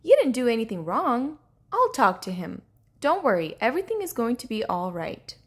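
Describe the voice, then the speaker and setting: A kind fish friend from a storybook talks in a gentle, reassuring way, as a woman puts it on. The voice is a touch high and breathy, with lively pitch. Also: normal speed, heavily acted. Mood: friendly.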